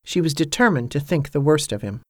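A narrator reading a novel aloud in a measured, even storytelling manner. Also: medium pitch, no room sound, studio quality. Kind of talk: audiobook narration.

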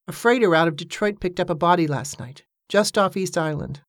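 A narrator reading an audiobook in an even, measured way, giving the characters light voices. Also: medium pitch, no room sound, studio quality.

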